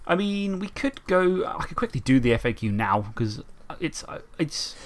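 A man's voice: a little high, very animated, normal speed. A man co-hosting a podcast, chatting casually and rambling, often laughing. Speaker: podcast co-host. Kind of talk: casual chat about tabletop and video games.

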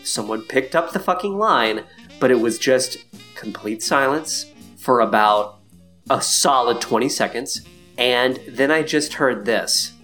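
A man's voice: medium pitch, animated, a little slow, sharp tone, faint music behind. A man in his thirties hosting a podcast in casual chat, swearing freely and laughing often. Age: 30s. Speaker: podcast host.

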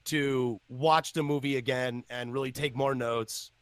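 A man hosting a casual podcast, excitable and loud, swearing often. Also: medium pitch, unhurried, smooth, no echo. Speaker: podcast host.

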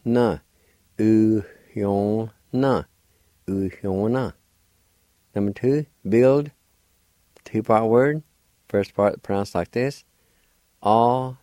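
A man's voice: on the low side, dark tone, dry recording. An older man from Oklahoma, patiently spelling and pronouncing words letter by letter as a radio language teacher. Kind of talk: slow spelling and pronunciation lesson.

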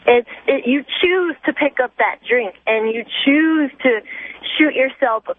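A woman's voice: high voice, measured pace. A woman calling into a talk radio show, speaking indignantly and with emphasis over a phone line. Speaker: caller.

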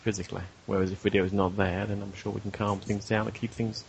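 A man's voice: lowish voice, little pitch movement, fast, creaky, slight background noise. A man speaking persuasively and hesitantly, playing his character in a tabletop role-play game. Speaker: player.

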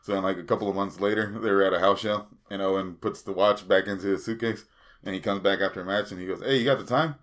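A man's voice: sits low, level tone, fast talker. A man hosting a casual podcast chat, telling long rambling anecdotes full of fillers and swearing. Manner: rambling storyteller, swears freely, many fillers.

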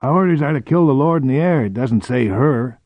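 A man's voice: medium pitch, animated, a little fast, no echo, muffled recording. A man voicing a lewd, wheedling male corporal in an audiobook. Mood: eager. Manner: wheedling, suggestive. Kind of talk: audiobook character voice.

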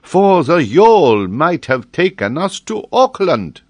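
A man doing an eager, high-pitched scholar. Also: very animated, slow pace, a little mellow, dry recording, heavily acted. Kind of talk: audiobook character voice.

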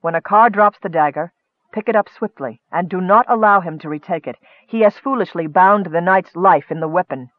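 A man voicing a sinister, soft-spoken male wizard who talks quietly and in a measured way. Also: sits high, no room sound, narrow, tinny audio, natural voice. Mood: urgent.

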